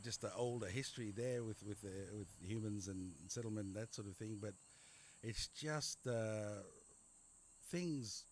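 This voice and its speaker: A man's voice: fairly low pitch, a little slow, a little hiss or hum. A middle-aged man with an Australian accent, a doctor being interviewed and telling his life story in a rambling way, repeating words and using many fillers. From Papua New Guinea. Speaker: general practitioner guest. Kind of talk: conversational interview.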